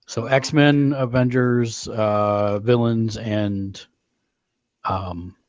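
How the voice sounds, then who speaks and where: A man's voice: fairly low pitch, steady tone, very slow, dry recording, muffled recording. A man in casual talk over a card game, reading out viewer comments and weighing strategy. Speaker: card game player and co-host. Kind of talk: casual gameplay chat.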